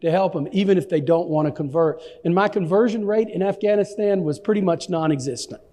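A man from Texas, a pastor telling an animated, self-deprecating story with stammering restarts. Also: high voice, fairly quick, big-room sound. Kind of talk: anecdotal storytelling in an interview.

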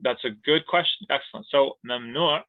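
A man's voice: mid-range voice, normal speed, no room sound. A man teaches a grammar lesson in a playful, joking manner. His voice comes through a thin, phone-like line. The sound is dry, with no room around it. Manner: playful, jokey explanations with laughs and siren sounds. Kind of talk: online class lesson.

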